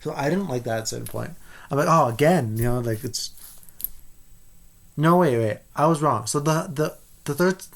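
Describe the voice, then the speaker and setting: Man vlogger, mid-pitch, rambling spoiler review, eager and loose, keeps restarting. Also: quick pace, vocal fry. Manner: rambling, excitable, many restarts. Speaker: movie reviewer.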